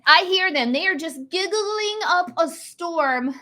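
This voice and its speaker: A woman in her thirties, a podcast guest on a video call, chatting in an excited, bubbly way as she tells stories. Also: very high voice, unhurried. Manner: bubbly, excited storytelling with frequent laughs. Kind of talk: casual chat.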